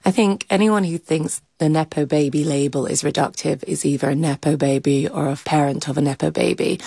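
A woman cultural critic in casual studio chat, a chatty, animated storyteller. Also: low-pitched, gravelly, no room sound.

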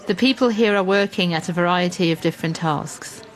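Low-voiced woman presenting a radio documentary. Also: a little fast. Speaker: reporter and presenter. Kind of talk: scripted radio documentary narration.

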